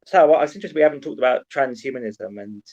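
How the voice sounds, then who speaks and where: A man's voice: mid-range voice, very fast, darkish tone. Earnest man musing, dull lo-fi sound. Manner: earnest, musing, hesitant restarts. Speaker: podcast co-host. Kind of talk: casual philosophical chat. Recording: dull lo-fi mic.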